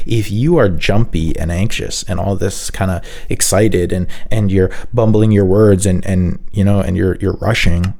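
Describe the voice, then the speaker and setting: A man hosting a career advice video, talking slowly and calmly with long deliberate pauses and stressed words. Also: vocal fry. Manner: low, calm, collected tone. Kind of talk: calm motivational talk to camera.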